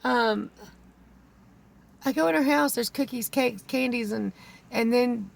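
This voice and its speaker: A woman's voice: a little high, measured pace, gravelly. A woman, a keto vlogger pleading earnestly with viewers, close to tears. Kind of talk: emotional vlog talk to camera.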